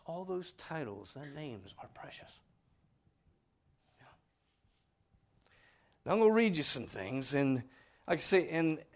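A man preaching a sermon in a folksy, earnest way, swinging from loud stressed words to quiet asides. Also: a little high. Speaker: father.

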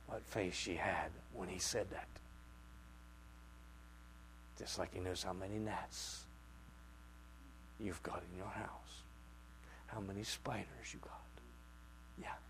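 A man preaching a sermon, swinging from quiet asides to loud outbursts and acting out the voices he quotes. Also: low voice, slight background noise.

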